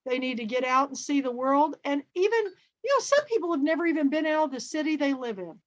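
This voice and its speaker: A middle-aged woman from Kansas, USA, hosts a book and film club over a video call, telling anecdotes in a casual, chatty way. Her voice sits high and she talks fast, acting out dialogue as a lively storyteller. The audio is dull and muffled.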